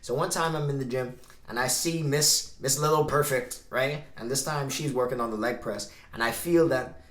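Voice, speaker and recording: A man vlogging in an easy, conversational way, slipping into the voices of both people in the conversations he describes. His voice sits at an ordinary middle pitch. The room around him rings with a noticeable echo. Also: normal speed, fairly bright tone. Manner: conversational, acts out both sides of dialogues. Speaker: vlogger giving dating advice. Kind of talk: casual storytelling to camera. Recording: roomy echo.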